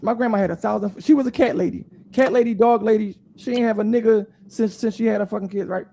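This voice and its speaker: Fast-talking animated male storyteller. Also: high voice, creaky. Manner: animated, profane, fast storytelling that acts out quoted voices. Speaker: panelist storyteller. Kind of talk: casual storytelling on a live panel stream.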